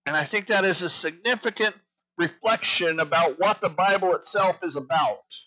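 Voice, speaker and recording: Earnest bright-voiced male preacher. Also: high-pitched, moderate pace, rough recording. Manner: earnest, repeats phrases for emphasis. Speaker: pastor. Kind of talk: sermon teaching.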